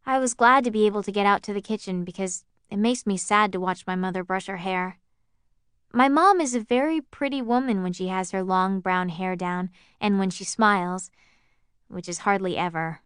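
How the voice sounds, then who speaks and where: A woman's voice: mid-range voice, a bit bright, clean tone, no echo, studio quality. A woman narrating a novel in the first person, in a wry, observant tone. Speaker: audiobook narrator.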